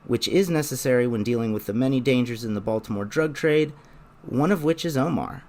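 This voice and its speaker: A young man narrating a scripted video essay in a measured, explanatory way. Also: mid-range voice, darkish tone.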